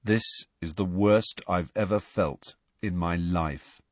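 A man's voice: medium pitch, animated, normal speed, husky, no echo. A man voicing a dejected teenage boy who mumbles in a dull voice.

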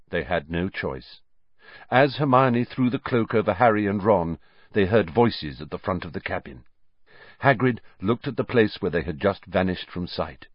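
Man, audiobook narrator, expressive storytelling, lively pitch, dry muffled sound. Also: normal speed, dry recording. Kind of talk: scripted narration.

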